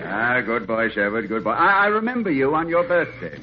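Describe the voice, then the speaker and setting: A man playing a suave, refined gentleman. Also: mid-range voice, sing-song, fairly quick, a loud crowd, heavy background noise, lightly acted. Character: suave, cultured gentleman, dryly amused. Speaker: suave gentleman in a radio comedy. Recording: muffled old radio broadcast with loud audience.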